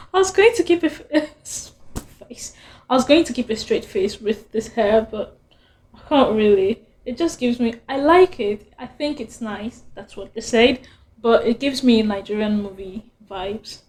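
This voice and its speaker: A woman's voice: on the high side, darkish tone. Giggly chatty woman vlogger. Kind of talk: casual storytime vlog.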